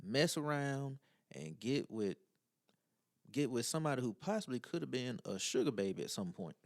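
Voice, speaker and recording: A man's voice: mid-range voice, big pitch swings, normal speed, no room sound, clean studio sound. A man co-hosting a casual podcast who reads a listener letter aloud and then chats bluntly in slang. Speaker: podcast co-host.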